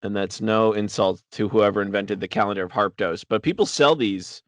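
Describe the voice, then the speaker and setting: A man's voice: on the low side, normal speed, no room sound. A man hosting a casual podcast, wry and joking, with a hesitant delivery. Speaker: podcast host.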